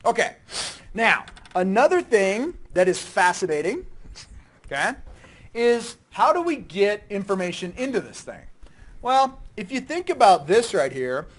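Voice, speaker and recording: A man teaching a class in a lecture room with a fairly high voice. He keeps a lively, chatty pace, checking in constantly and quizzing the room as he explains. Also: measured pace. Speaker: university lecturer.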